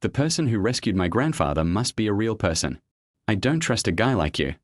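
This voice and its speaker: A man's voice: on the low side, very animated, a little fast, no room sound, clean studio sound. A man voicing a hot-tempered young woman who scolds sharply. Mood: scornful.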